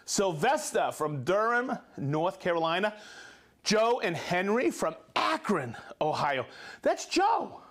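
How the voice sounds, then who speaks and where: A man's voice: high voice, sing-song, a bit bright. A man hosting a live show, reading out viewers' names and hometowns with jokes and stumbles over hard names. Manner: jokey, stumbles over place names, quick asides. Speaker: livestream host.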